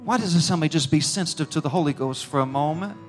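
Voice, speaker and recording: A male pastor preaches with a high, ringing voice. His delivery swings between hushed, pleading passages and loud, fervent bursts. Soft music plays faintly behind him in the sanctuary. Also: quick pace. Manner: emotional, rising and falling intensity, speaks in tongues. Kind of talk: sermon with altar call. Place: church sanctuary.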